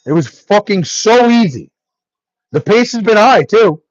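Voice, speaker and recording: Young guy raging on stream, pitch jumping all over, dry dull mic sound. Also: animated, measured pace, dry recording. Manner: angry, profane ranting. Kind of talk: live-stream rant.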